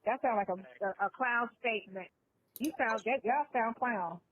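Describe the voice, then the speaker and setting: A man doing a squeaky sneering taunter. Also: moderate pace, phone-quality sound, natural voice. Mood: mocking.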